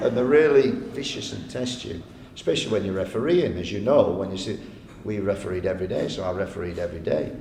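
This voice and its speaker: In an echoey arts venue hall with a faint rumble, a male guest speaker spins chatty anecdotes for a live audience. His intonation is lively, his pace a little fast with hardly any pauses, and there's vocal fry. He laughs a lot and plays the people he quotes.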